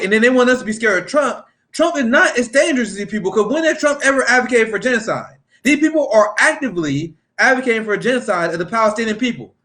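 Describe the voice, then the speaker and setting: High-voiced man in a profane political rant. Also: bright, forceful tone. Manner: heated, profane, laughs often. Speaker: political commentary host.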